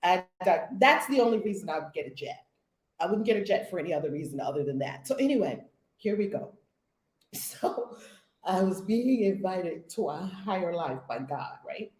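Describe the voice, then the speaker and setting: A woman from the United States leading a spiritual community session, telling stories in an expressive, blunt, sometimes profane way. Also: fairly high pitch, reverberant, rough recording. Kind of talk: animated storytelling talk.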